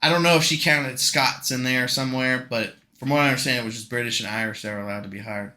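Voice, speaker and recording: A man's voice: mid-range voice, fairly even intonation, fast talker, bright, forceful tone. A young man co-hosting a podcast in casual chat, joking and rambling, laughing often. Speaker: podcast co-host.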